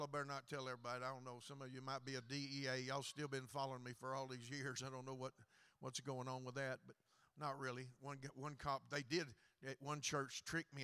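A middle-aged man with a Southern accent, preaching a Pentecostal revival sermon in a folksy, joking way that rises to loud preaching. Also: medium pitch, clean tone. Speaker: guest preacher.

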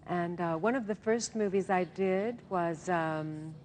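Older woman, interview guest, low-ish voice, lively storyteller, noisy background. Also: a little slow. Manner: animated storytelling, acts out past dialogue. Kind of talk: casual interview chat.

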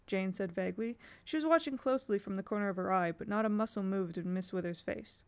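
Woman audiobook narrator, steady storybook read, gravelly texture. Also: mid-range voice, fast, few pauses. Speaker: audiobook reader.

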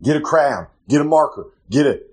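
A man's voice: on the high side, animated, moderate pace, a little mellow, breathy edge. A man rambling loosely through a comic podcast segment from his home kitchen, talking about himself in the third person. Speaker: wrestler hosting a recurring podcast segment.

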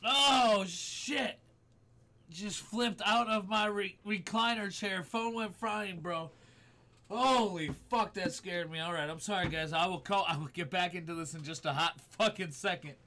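High-voiced swearing male game streamer. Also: a little slow, sharp tone. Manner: profane, jumpy, shrieks and laughs when scared. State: teary from fright. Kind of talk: live gameplay commentary.

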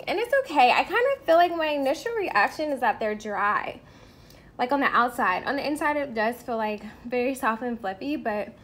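This woman's voice is high-pitched, fairly bright, brisk, and lively in intonation. A travel vlogger not from Hawaii, she chats candidly to the camera while tasting food, sounding irritated and tired, filming in her hotel room and on the go.

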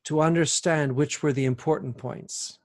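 A man's voice: on the high side, fairly even intonation, normal speed, a little mellow. Man asking long, winding questions. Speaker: podcast host. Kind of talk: interview questions.

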